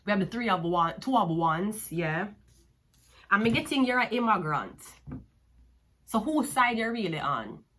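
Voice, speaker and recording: A woman with a Jamaican accent delivers a tarot reading in a bright, forceful voice. She talks in a profane, mocking, sassy way, taunting her listener between card pulls. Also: mid-range voice, very animated, unhurried, pauses often, a little hiss or hum.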